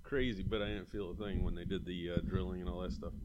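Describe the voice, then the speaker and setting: Lower-voiced man, rambling casual story. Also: steady tone, quick pace, muffled recording, heavy background noise. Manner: rambling, full of "like", acts out quotes. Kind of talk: casual chat.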